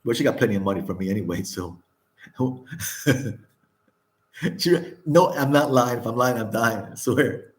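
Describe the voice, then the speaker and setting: Older man, vlog host, casual candid storyteller who laughs often and swears freely; mid-pitched voice. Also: moderate pace, long pauses. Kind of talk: casual chat.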